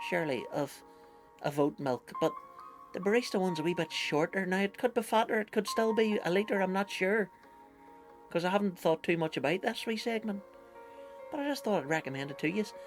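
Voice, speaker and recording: A man doing a cheeky, sweary pitchman. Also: natural voice. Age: 30s. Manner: sweary, chatty sales patter. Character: cheeky swearing male pitchman, matey and rambling.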